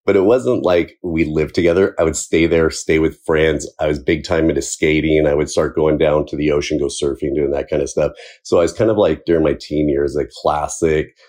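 A man's voice: rumbling low, steady tone, fairly quick, few pauses, darkish tone. A man from Southern California, a firefighter, telling his own life story in a casual, candid way and chuckling between points. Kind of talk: personal storytelling.

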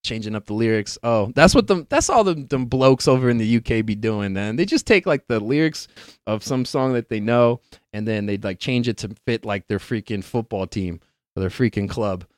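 A man's voice: mid-range voice, lively intonation, moderate pace, dry recording, clean studio sound. Laid-back man rambling on a live stream. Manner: rambling, laughs often, swears casually, slangy. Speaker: podcast host streaming live. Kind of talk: casual live-stream chat.

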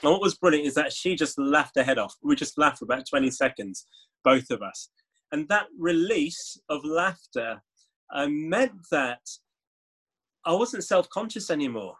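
A man, a guest author telling stories in an interview, animated and laughing often. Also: fairly high pitch, normal speed, slightly rough. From Leeds, England. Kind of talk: interview conversation.

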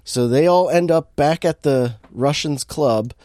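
A man's voice: fairly high pitch, unhurried, mellow, no room sound, studio quality. A man in casual chat, recapping a movie with lots of fillers and restarts and an amused tone. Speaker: podcast co-host recapping a movie.

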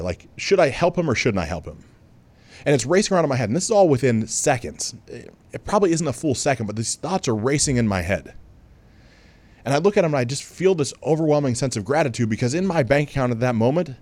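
A man hosting a podcast, telling a personal story in a relaxed, conversational way with many asides and restarts. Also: medium pitch. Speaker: podcast host. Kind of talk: storytelling monologue.

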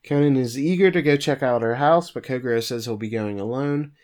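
Male podcast co-host at a middle pitch, recapping episodes in an easygoing summary style. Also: fairly quick. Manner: steady plot summary with occasional fillers.

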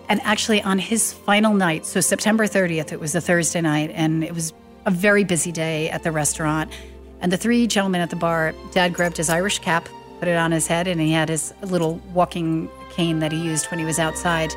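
A woman's voice: on the low side, steady tone, moderate pace. A middle-aged woman recounting her father's life as an interview guest, animatedly acting out the quoted dialogue, with faint music behind. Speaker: guest telling her late father's story. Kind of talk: storytelling interview.

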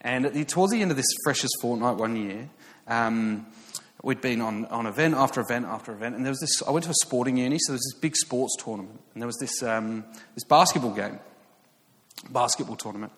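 A man's voice: medium pitch, fairly quick. Male preacher, 30s, English accent, casual storytelling sermon with restarts, large reverberant hall. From England. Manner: chatty and self-mocking, with many fillers and restarts, rising excitement.

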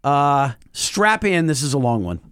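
A man co-hosting a casual podcast, talking in an excitable, exclamatory way. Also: a little high, measured pace, clean tone, dry recording, studio quality. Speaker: podcast co-host. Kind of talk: casual chat.

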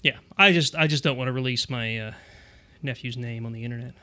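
Man, middle-aged, podcast co-host, casual tech chat, rambling, chuckling, bright tone. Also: mid-range voice, fairly quick. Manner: rambling, self-interrupting, chuckling.

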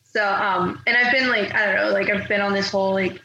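A woman's voice: mid-range voice, steady tone, a little fast, bright, forceful tone, muffled recording, a little hiss or hum. A young woman in casual chat, rambling with many fillers and laughing often. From Canada. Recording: echoey room with faint ambience.

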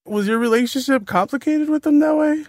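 A man hosting a podcast, asking relaxed, curious questions and reading scripted narration. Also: extremely high pitch, a little fast, no echo, clean studio sound. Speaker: podcast host. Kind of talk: casual interviewing and scripted narration.

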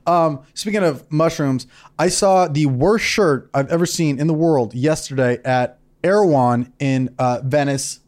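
A man co-hosting a casual podcast, telling crude stories in an animated way and acting out the voices of the people in them. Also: fairly high pitch, measured pace. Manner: animated, crude storytelling with acted-out quotes. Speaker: podcast co-host.

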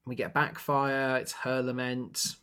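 Casting note: male podcast co-host, mid-pitched, lively recap, slips into funny character voices. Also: slow pace, clean tone. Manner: animated, acts out characters' lines in brief bursts. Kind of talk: casual chat recapping a musical.

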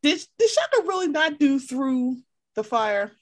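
A woman co-hosting a casual chat, animated and swearing freely as she acts out her own reactions. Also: high voice, measured pace, a little hiss or hum. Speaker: podcast co-host.

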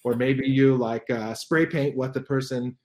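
A man's voice: mid-range voice, fairly even intonation, measured pace, a little mellow. A middle-aged man, a guest expert in an interview, explaining carefully with frequent restarts and fillers.

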